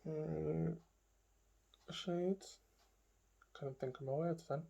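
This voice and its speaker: A woman's voice: low-pitched, fairly even intonation, drawn-out words, gravelly, dark tone. A woman beauty vlogger talking casually through a makeup tutorial, chatting to herself and trailing off into murmured asides as she works.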